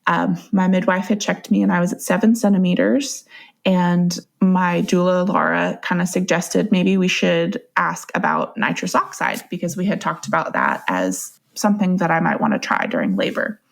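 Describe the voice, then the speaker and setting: A young woman recounts her own experience as a guest on a podcast. Her voice has a noticeable fry and gravel in it. She talks casually and conversationally, breaking into laughter often as she goes. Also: on the low side, moderate pace. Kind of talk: personal storytelling.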